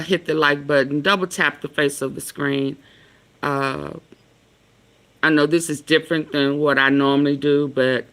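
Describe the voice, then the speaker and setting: Brief: woman commentary vlogger, unhurried and earnest, with a crisp bright tone. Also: low voice. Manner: slow, earnest, rambling with fillers. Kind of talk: casual commentary.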